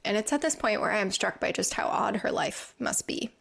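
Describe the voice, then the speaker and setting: Female podcast host, mid-pitched with vocal fry, earnest and reflective storyteller. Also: fairly quick, fairly bright tone. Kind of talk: scripted recap narration. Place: lives in England.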